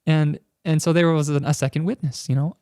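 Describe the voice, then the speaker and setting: Podcast guest, male, earnest testimony, gravelly fry in a fairly high voice, recorded close and dry. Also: steady tone, a little fast, mellow, no room sound. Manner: earnest, storytelling with frequent likes and restarts. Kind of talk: personal faith testimony.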